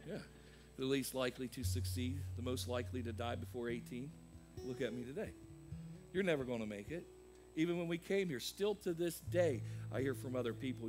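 A man preaching a sermon as pastor, swinging from loud emphatic peaks to quieter asides. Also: mid-range voice, brisk, over music. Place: church sanctuary.

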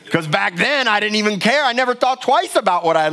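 A man's voice: sits high, expressive, brisk, few pauses, sharp tone. A middle-aged male pastor preaching a sermon in a church, emphatic and passionate, often repeating words for force. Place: church sanctuary.

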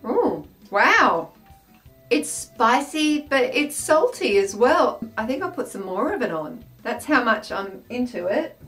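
Chatty Australian woman, higher voice. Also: big pitch swings, slow pace, fairly bright tone, faint music behind. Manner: chatty, self-mocking, exclamatory. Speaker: food taste-test vlogger. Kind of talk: casual vlog taste test.

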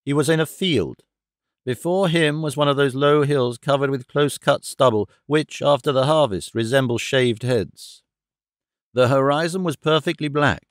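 A man reading a classic novel aloud as an audiobook narrator, in a measured, formal storytelling manner. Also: mid-range voice, dry recording, studio quality. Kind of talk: scripted narration.

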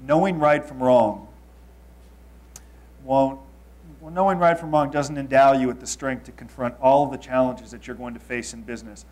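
A man in his thirties from Los Angeles, speaking as a storyteller before an audience. His voice sits at an ordinary middle pitch. He moves from punchy, louder statements into hushed, confessional asides. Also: steady tone, normal speed. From Los Angeles, United States. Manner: confessional, swings between loud emphasis and quiet asides.

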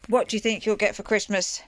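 A woman gently and playfully coaxing her small daughter through a bedtime chat. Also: medium pitch, moderate pace. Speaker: mother filming with her daughter.

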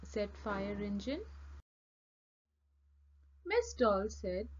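A woman reading a children's picture book aloud, slow, clear and expressive. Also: a little high, highs cut off. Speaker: storybook reader. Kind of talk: children's read-aloud narration.

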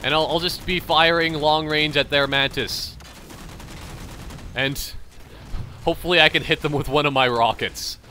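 A man's voice: on the high side, fairly even intonation, normal speed, long pauses, bright, forceful tone, slight background noise. A young man with a light Canadian accent, rambling chattily as he comments on his own gameplay. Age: young adult. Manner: rambling, chatty, thinking aloud. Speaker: gamer commentator.

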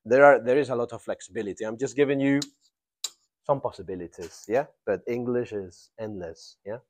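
A man's voice: mid-range voice, darkish tone, a little hiss or hum. Man teaching an English grammar class. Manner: drawn-out emphatic prompting of students.

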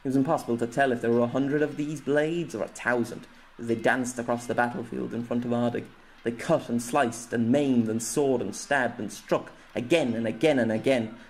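A man's voice: mid-range voice, fairly even intonation, normal speed, darkish tone. A man narrating his own fantasy novella as an audiobook, telling it dramatically. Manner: dramatic storytelling, voicing characters. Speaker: narrator and author.

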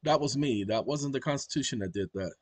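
A man's voice: medium pitch, a little fast, husky, dry recording. A man hosting his own channel, talking to his audience in an emphatic, preachy monologue. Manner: emphatic and preachy, keeps addressing the audience directly. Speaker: channel host. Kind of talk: casual explanatory monologue.

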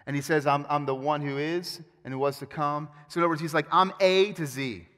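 A man preaching a sermon as pastor, with animated, emphatic storytelling and frequent restarts. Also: a little high, quick pace. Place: church sanctuary. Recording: long hall reverb.

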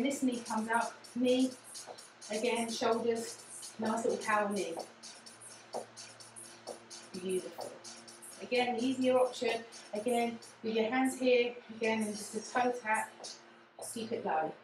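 Music plays in an echoey room as a woman with an English accent guides a low impact cardio session, her voice caught by a distant mic. She's upbeat and encouraging, returns to cues like "again" and "yeah" repeatedly, and gets breathless now and then.

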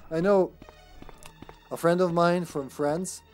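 A man giving casual let's-play commentary as a game streamer, joking around, laughing often and getting excited in bursts. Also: a little high, slow pace, faint music behind.

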